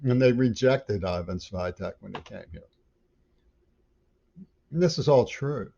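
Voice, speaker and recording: A man's voice: lowish voice, animated, a little slow, creaky, warm tone. A man delivering an angry, rambling monologue that is full of stumbling restarts. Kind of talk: ranting monologue. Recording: dull lo-fi audio.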